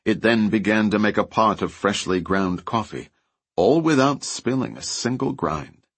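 Male audiobook narrator, low husky voice, animated delivery, dry studio sound. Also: moderate pace, no echo. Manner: lively storytelling, voices characters lightly. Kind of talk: scripted narration.

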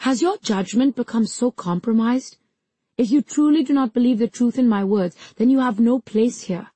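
A woman's voice: a little high, moderate pace, dark tone, breathy edge, dry recording. A woman reading as a proud immortal king. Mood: indignant. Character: proud immortal male king, defensive and stern.

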